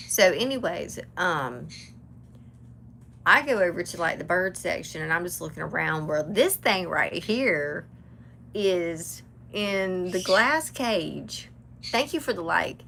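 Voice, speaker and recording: Lady rambling thru a story on her tarot stream, low gravelly voice, bit of background hiss. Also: takes it slowly. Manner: chatty, animated, talks to live chat. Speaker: tarot reader. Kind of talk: casual storytelling during a live reading.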